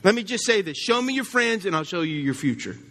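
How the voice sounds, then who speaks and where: A man's voice: sits high, sing-song, brisk, fairly bright tone. A male pastor, preaching a conversational sermon and often asking the congregation questions. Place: church.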